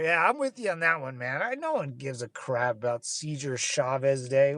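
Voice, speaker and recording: A man's voice: medium pitch, lively intonation, normal speed, hardly any pauses, a bit bright, no room sound. A young man from California ranting casually, rambling with frequent restarts, fillers and swearing. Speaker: channel host. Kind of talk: casual rant.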